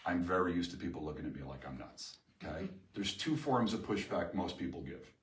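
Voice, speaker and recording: A middle-aged man presents a live seminar to an audience in a meeting room, lively and emphatic, often asking the room questions. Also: sits low, a little fast. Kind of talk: live workshop talk to an audience. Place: chamber of commerce meeting room. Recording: echoey room from far off.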